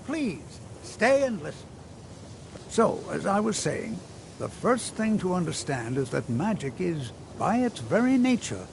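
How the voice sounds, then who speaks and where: An actor playing a patient, kindly old male wizard teacher who lectures gently and a little fussily. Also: high-pitched, gravelly, slight background noise, exaggerated voice. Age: older. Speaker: magic instructor. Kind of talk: video game voice acting.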